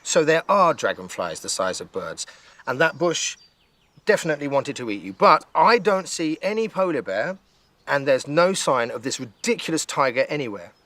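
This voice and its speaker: A man's voice: fairly high pitch, moderate pace, no echo, pitched above the performer's own voice. A man voicing a bored, skeptical little girl who speaks matter-of-factly and grows insistent. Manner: flat, matter-of-fact, then insistent.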